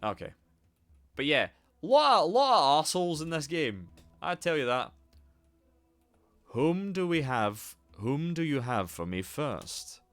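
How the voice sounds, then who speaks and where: A man's voice: a little high, sing-song, takes it slowly, fairly bright tone. A man streaming a game live, commenting casually in a rambling, sweary way.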